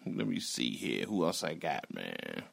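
A man's voice: rumbling low, wildly swooping pitch, a little slow, vocal fry, fairly bright tone, slightly rough. A man hosting a podcast, signing off in a casual, rambling, profane way. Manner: profane, laid-back, rambling. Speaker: podcast host. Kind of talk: casual show sign-off.

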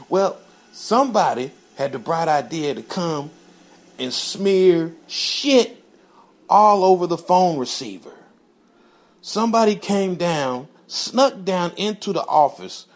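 A man, a correctional officer, telling a story from work in a casual, profane way and laughing as he goes. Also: on the high side.

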